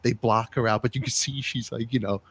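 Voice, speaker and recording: A man's voice: mid-range voice, fairly quick, a little hiss or hum. A middle-aged man hosting a casual livestream talk show, rambling through stories and joking with viewers. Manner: animated, rambling storyteller who jokes with viewers.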